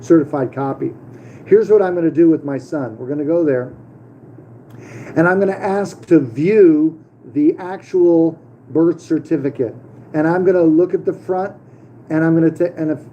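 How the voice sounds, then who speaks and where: Middle-aged guy rambling at the camera, lots of uhs, kinda high but super mellow dark voice. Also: highs cut off, slight background noise. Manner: rambling, with many fillers and restarts. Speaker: channel host. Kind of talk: casual vlog monologue.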